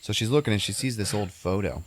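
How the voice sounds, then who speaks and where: A man with a very low voice recaps a film in a loose, rambling way. He fills the story with "uh" and "you know" as he goes. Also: quick pace. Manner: rambling, full of fillers. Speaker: podcast host. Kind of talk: casual movie recap.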